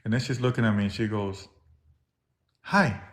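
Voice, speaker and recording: A man chatting casually, telling a relaxed story and chiming in briefly. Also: on the low side, very fast. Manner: laid-back storyteller, brief backchannels. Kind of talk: casual chat.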